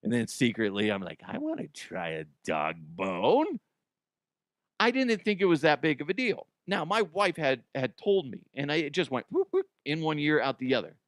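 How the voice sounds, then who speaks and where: A man's voice: fairly high pitch, big pitch swings, brisk, hardly any pauses, fairly bright tone, no echo, studio quality. An American man hosting a comedy news show, giving a crude, profane, self-mocking monologue. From United States.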